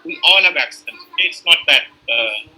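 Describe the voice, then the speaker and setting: Bright-voiced man lecturing. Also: on the high side, expressive, moderate pace, poor audio. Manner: explanatory, many fillers and restarts. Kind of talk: online lecture.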